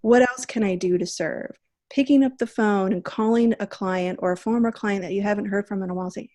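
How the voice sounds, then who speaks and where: A woman's voice: medium pitch, brisk, mellow. Chatty earnest woman host. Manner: chatty, earnest, frequent "you know" fillers. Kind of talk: casual video chat.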